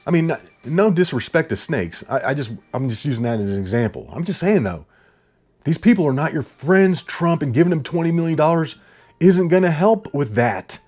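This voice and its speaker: A man giving heated political commentary on his channel, yelling, blunt and profane, repeating himself as he rants. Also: a little high, sing-song, brisk, faint music behind.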